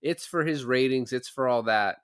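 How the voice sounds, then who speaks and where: A man's voice: medium pitch, normal speed, clean tone. A man co-hosting a podcast, chatting casually about a film and laying out his opinions point by point. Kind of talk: casual film discussion chat.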